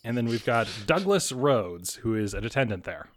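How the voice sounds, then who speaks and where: A man narrating a tabletop horror game as game master, halting with many pauses and restarts. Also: mid-range voice, sing-song.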